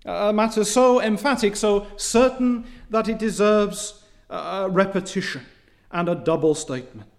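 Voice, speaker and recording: A man preaching a sermon, reading scripture in old biblical wording, with emphatic rises and quiet drops. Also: high voice, normal speed.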